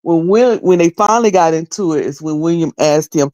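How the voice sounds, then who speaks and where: A woman's voice: lowish voice, a little fast, warm tone, no room sound. Rambling woman commentator, dry close sound. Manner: rambling, repeats words, folksy and candid. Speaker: online commentator. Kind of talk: casual commentary on a video.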